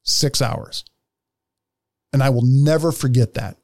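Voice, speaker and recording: A man's voice: mid-range voice, slow, a little mellow, dry recording, studio quality. A man telling a story in casual podcast chat, blunt and profane, acting out the other people in it. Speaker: podcast co-host.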